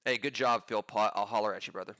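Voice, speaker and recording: A man giving live commentary on his own trades, pumped up and talking in quick excited bursts. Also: fairly low pitch, no echo, clean studio sound. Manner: hyped, pumped-up chatter with sudden bursts.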